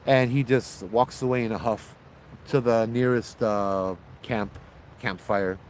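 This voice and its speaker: A man's voice: fairly low pitch, steady tone, takes it slowly, low-quality recording. A man, telling a ghost story casually. He talks loosely and animatedly, restarting his sentences, over faint background noise.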